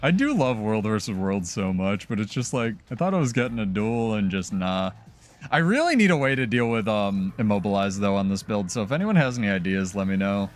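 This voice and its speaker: A man's voice: on the low side, very animated, fairly quick. A man streaming gameplay and chatting casually, with laughing, swearing banter. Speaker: game streamer.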